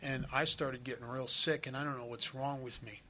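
A man's voice: medium pitch, fairly even intonation, normal speed, sharp tone. A middle-aged man telling a candid, confessional recovery story at a meeting. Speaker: recovering alcoholic sharing his story.

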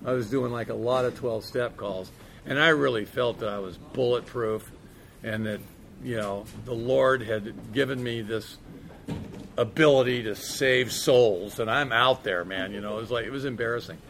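A man's voice: mid-range voice, moderate pace, vocal fry, fairly bright tone. Man, middle-aged, candid rambling storyteller, plain mid voice, faint room hum. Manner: candid, rambling, peppered with "man" and "you know". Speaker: recovery speaker sharing his story. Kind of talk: storytelling talk.

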